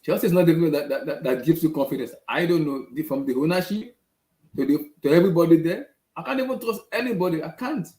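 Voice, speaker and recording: Talking fast in a mellow, slightly high voice, a man hosting a football fan show vents his frustration and goes over the same points again and again. The recording has an echoey room sound.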